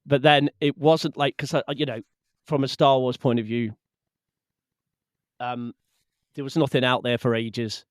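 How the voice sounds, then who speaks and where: A man, a podcast guest in casual chat, lively and quick to laugh. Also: medium pitch, dry recording, clean studio sound.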